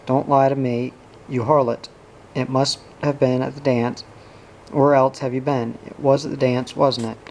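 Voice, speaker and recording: A man's voice: medium pitch, little pitch movement, normal speed, slight background noise, natural voice, poor audio. A man reading the part of a brutal, raging middle-aged father who bullies and abuses his family. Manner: shouting abuse, bullying.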